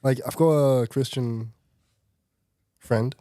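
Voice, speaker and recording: A man hosting a podcast, relaxed and chatty, laughing easily. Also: medium pitch, slow pace, clear, resonant tone, no echo, clean studio sound. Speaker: podcast host. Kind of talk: casual conversation.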